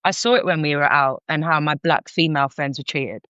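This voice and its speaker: Low-pitched and fairly quick, with a clear, resonant tone and no echo, a middle-aged woman from North London, England, tells a candid story in a London accent. She's a counsellor appearing as a podcast guest, frank, animated and prone to restarts. The sound is dull and lo-fi.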